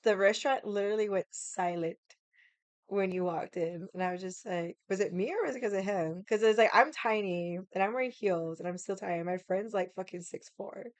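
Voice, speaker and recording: A woman with a raspy voice from losing it, telling a casual story with lots of fillers, acted quotes and loud laughs. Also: mid-range voice, fairly quick, no room sound. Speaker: vlogger.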